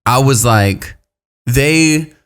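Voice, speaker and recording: A man in an easygoing podcast chat, telling a concert story with lots of animation. His pitch sits in the middle, and he keeps starting a phrase, dropping it and starting again. He sounds relaxed and conversational. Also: drawn-out words, clear, resonant tone. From Pacific Northwest, US. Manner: animated storyteller, trailing restarts. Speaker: podcast host.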